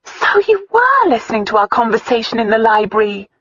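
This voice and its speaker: An earnest, defiant young noblewoman, voiced by a woman narrator, her lines lifted well above a plain reading voice. She pleads and bristles in lively, swooping tones with a faint husk. The audiobook recording sounds dry and a little dull. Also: on the high side, normal speed, husky, no room sound, pitched above the performer's own voice. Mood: indignant. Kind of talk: audiobook dialogue.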